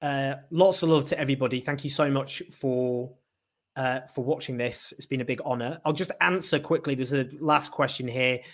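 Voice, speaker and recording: A man's voice: medium pitch, steady tone. Impassioned British man hosting live. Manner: impassioned, halting with restarts. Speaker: show host. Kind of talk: solo live political commentary.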